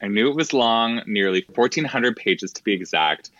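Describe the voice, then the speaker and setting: A man who is a podcast guest, talking about a book with wry, deadpan humor. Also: mid-range voice, moderate pace, no room sound, dull audio. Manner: wry, deadpan delivery with laughs. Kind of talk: casual podcast conversation.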